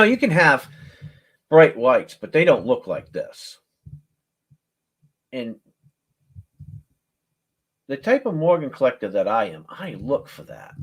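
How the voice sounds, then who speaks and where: A man hosting a casual live coin auction, joking and laughing as he praises a coin and calls out bids. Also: fairly high pitch. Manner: folksy, joking, laughs often; slow, drawn-out calls with animated countdowns.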